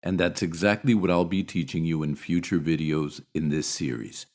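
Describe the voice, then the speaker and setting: An American man teaching English pronunciation in a scripted narration, demonstrating sounds deliberately. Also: extremely low pitch, a little mellow. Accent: General American.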